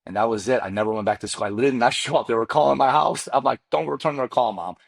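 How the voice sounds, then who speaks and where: A man in his forties, a mortgage coach, telling his story as a podcast guest in an animated, slangy way. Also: medium pitch, rapid-fire, creaky, husky, no room sound, clean studio sound. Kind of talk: casual storytelling interview.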